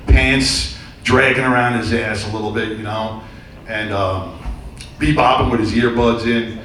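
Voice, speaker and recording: A man's voice: medium pitch, a little slow, fairly bright tone. A middle-aged man performing a stand-up comedy routine on a theater stage, telling loose, rambling stories with crude punchlines. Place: theater stage before a live audience. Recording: very echoey, distant room sound with faint noise.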